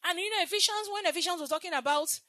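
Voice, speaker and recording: High, bright-voiced woman preaching fervently. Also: rapid-fire, no room sound. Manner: swings from loud shouting exhortation to soft, tearful confession; repeats phrases for emphasis, calls out to the congregation. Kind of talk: sermon.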